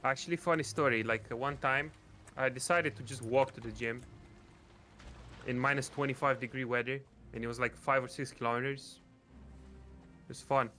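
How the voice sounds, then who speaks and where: A man's voice: mid-range voice, bright, forceful tone. A man streaming a game with friends, chatting and joking casually with them and with his viewers. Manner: chatty and joking, talks to chat. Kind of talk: casual gaming chat.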